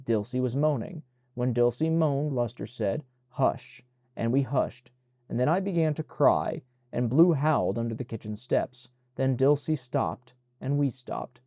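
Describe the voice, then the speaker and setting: Guy reading an audiobook, steady measured pace, warm low tone, dry sound. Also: no echo. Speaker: audiobook narrator. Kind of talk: audiobook narration.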